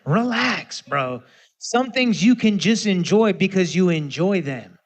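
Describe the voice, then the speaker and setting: Brief: 30s man, high voice, livestream rant into a phone camera, profane and animated. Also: unhurried. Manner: animated, ranting, profane, swings between loud and muttered. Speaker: musician hosting a livestream.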